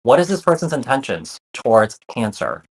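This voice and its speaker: A man's voice: mid-range voice, very animated, moderate pace, husky. A man giving a casual tarot reading to his viewers, often repeating himself and using fillers like "you know" and "kinda". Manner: repeats phrases, many fillers, reassuring. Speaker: tarot reader.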